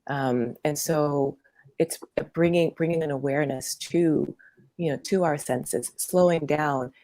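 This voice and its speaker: Low, gravelly-voiced woman guest. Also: unhurried, mellow, dry recording. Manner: meandering, hesitant, many fillers and restarts. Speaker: workshop teacher, interview guest. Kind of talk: conversational interview.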